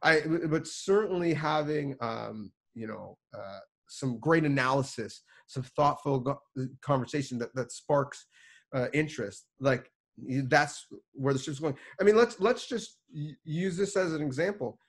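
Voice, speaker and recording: A sports reporter and producer speaks at a medium pitch and unhurried pace. Over a video call, he gives students earnest, emphatic advice, often restarting his sentences.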